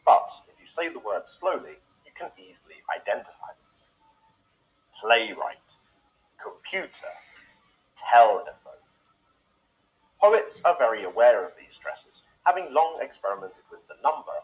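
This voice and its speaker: Male narrator, mid-pitched, very lively intonation, scripted explainer read. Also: low-quality recording. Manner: measured, explanatory delivery. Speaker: narrator of an educational video.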